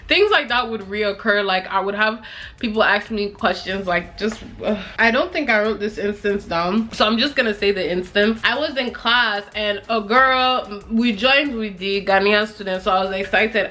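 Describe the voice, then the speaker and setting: A young woman from Nigeria casually telling stories as a vlogger, animated, laughing often and acting out what people said. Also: mid-range voice, moderate pace. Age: young adult. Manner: animated, laughs often, acts out quoted voices. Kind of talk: casual storytelling chat.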